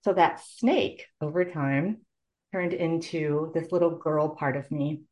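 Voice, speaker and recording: A woman's voice: deep voice, slow pace, darkish tone, lo-fi sound. A middle-aged woman, a nurse, telling her personal story in an interview in an earnest, heartfelt way. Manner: earnest, heartfelt, tearful at moments. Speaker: guest, nurse.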